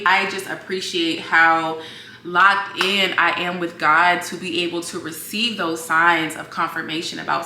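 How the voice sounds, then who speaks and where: A woman's voice: on the low side, gravelly, bright, forceful tone, roomy sound, slight background noise. A young woman from Virginia telling a personal story to her viewers in a chatty, emotional way, calling them girl and y'all. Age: young adult. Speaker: vlogger. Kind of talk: casual storytelling to camera.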